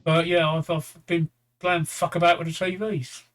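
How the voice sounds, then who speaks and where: This livestream co-host, a man in his fifties or sixties, chats casually in a tired, rambling way at normal speed. His voice is a little high for a man, level and a bit bright, and he often stops and restarts, letting the odd swear word slip.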